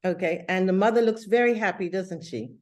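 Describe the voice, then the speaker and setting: A woman with a medium-pitched voice gives an English lesson over a video call. She explains things slowly and patiently, using many fillers.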